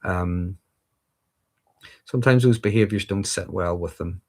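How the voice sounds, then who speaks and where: A man's voice: sits low, measured pace, a little mellow. A middle-aged man with a Northern Irish accent, hosting a casual livestream and answering viewer questions in a thoughtful, rambling way with frequent ums. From Northern Ireland.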